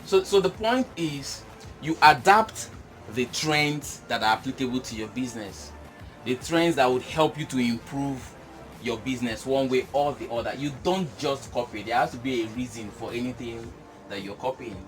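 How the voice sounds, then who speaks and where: A man talking about business in a casual chat, animated and emphatic, laughing often. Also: mid-range voice, moderate pace, faint music behind. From Nigeria. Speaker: business guest.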